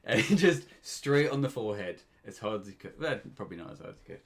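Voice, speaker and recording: A man's voice: lowish voice, big pitch swings, fast, fairly bright tone. A British man in his twenties telling a story on a casual podcast, often breaking into laughter. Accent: British English. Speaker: podcast co-host.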